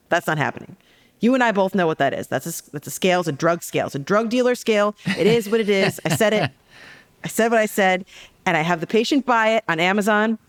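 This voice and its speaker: A woman psychologist talking as a guest on a podcast interview, telling stories in a lively, joking way. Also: deep voice. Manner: lively, jokey storytelling.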